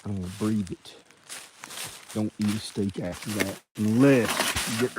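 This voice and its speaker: A man rambling and joking casually to viewers as he clears out old junk. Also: medium pitch, steady tone, normal speed, very noisy. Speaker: video creator.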